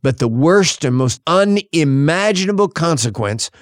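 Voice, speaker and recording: A man preaching a sermon in an earnest voice, pausing for effect and quoting scripture in old-fashioned wording. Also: fairly high pitch, lively intonation, no echo, studio quality.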